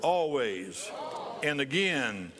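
A man's voice: mid-range voice, very animated, very slow, crowd noise. A male pastor preaching a sermon in church, repeating phrases for emphasis and bursting into laughter.

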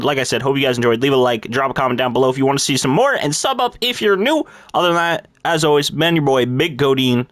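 A man wrapping up a gaming video as its host, relaxed and laid-back. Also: medium pitch, dry recording, studio quality. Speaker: gaming YouTuber. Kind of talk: casual video outro.

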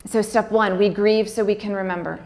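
A woman speaks at a mid pitch for a woman, telling her own story in a candid and heartfelt way. She uses casual fillers and sometimes speeds up to act out bits of conversation. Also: steady tone, a little mellow. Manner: acts out dialogue in quick bursts. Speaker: speaker on pregnancy loss. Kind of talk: personal storytelling talk.

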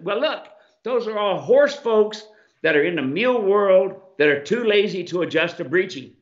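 Emphatic folksy American rancher. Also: male voice, high-pitched, big pitch swings, normal speed. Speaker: mule ranch owner and saddle maker. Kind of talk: live Q&A show. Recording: echoey, slightly dull sound.

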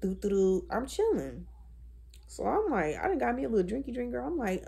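A young woman in her twenties chats on camera in a blunt, profane, animated way. Her voice is husky, with a dark, mellow tone. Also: fairly high pitch, fairly quick. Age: 20s. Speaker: vlogger. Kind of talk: casual chat.

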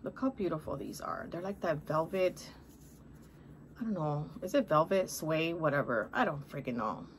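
A woman's voice: deep voice, expressive, normal speed, a little hiss or hum. Gushing, chatty woman showing off finds. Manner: talks straight to viewers, calling them guys and honey. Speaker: haul vlogger. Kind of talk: casual shopping haul chat.

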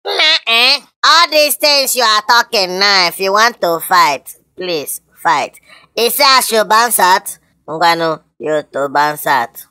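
A woman's voice: mid-range voice, expressive, slow, pushed and bright, clear, resonant tone, no echo. A woman with a Nigerian accent playing a tough, confrontational woman who threatens to fight in a comedy skit. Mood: threatening. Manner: confrontational, threatening, mixing Pidgin. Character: tough woman picking a fight, easily provoked.

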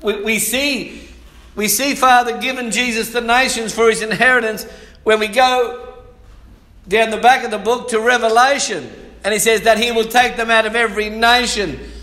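Male pastor, high voice, lively sermon delivery, echoey church hall. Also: normal speed. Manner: lively preaching, calls for amens, reads scripture aloud.

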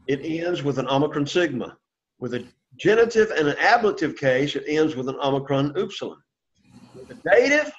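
A man teaching a Greek lesson, patiently leading the class to repeat words after him. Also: fairly high pitch. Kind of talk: classroom lesson with call-and-response drills. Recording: dull lo-fi classroom recording.

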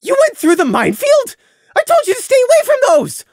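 A man voicing Prey, a stubborn, defensive young trap-maker who shouts accusations in an audio drama. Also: extremely high pitch, very animated, moderate pace, no room sound, clean studio sound, pitched above the performer's own voice. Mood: accusing.

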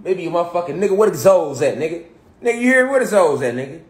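A man launches into a profane, impassioned rant, hammering the same points again and again. His voice sits high and the words tumble out quickly. The room gives his voice a roomy, echoing ring. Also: animated. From Chicago. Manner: emphatic, profane, repetitive street talk. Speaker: commentator.

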